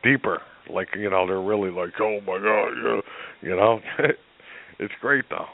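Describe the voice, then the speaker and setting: Give me a deep-voiced man chatting loosely as a guest, full of fillers. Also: unhurried, creaky. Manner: relaxed, rambling, many fillers. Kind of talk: casual chat. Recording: tinny phone-like audio.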